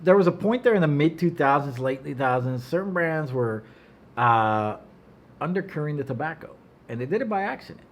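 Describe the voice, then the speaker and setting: A man's voice: fairly high pitch, animated, brisk. A middle-aged man, a cigar maker, talking in a casual chat as a guest, blunt and profane, telling stories with animation. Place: office.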